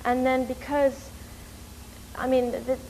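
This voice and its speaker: A woman from New York telling a story in an interview, animated and rushing, with many fillers. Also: high-pitched, slight background noise, poor audio. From New York, USA. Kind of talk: casual storytelling.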